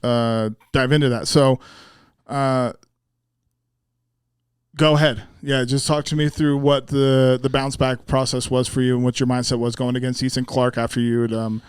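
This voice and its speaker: A male podcast host leading a casual interview, relaxed and a little hesitant, with lots of fillers. His voice is smooth and resonant, recorded close and dry. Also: medium pitch, normal speed, no room sound.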